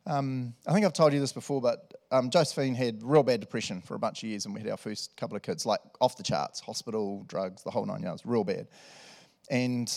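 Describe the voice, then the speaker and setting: A middle-aged man with a New Zealand accent preaching a sermon in a relaxed, conversational way, laughing often and tagging lines with "eh" and "right". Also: medium pitch, vocal fry. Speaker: pastor. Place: church hall with congregation.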